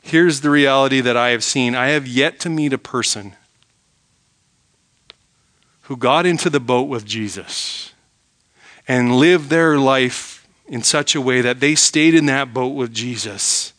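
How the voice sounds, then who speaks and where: Bright-voiced male preacher, emphatic. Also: mid-range voice, a little slow. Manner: emphatic, rhetorical questions, drops to quiet for emphasis. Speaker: pastor. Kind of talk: sermon.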